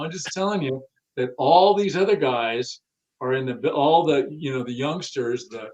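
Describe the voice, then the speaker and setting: A man being interviewed about the car audio industry speaks at a moderate pace in a mid-range, darkish voice, and the recording is muffled. He's blunt and casual with some cursing, and he acts out the quotes he repeats.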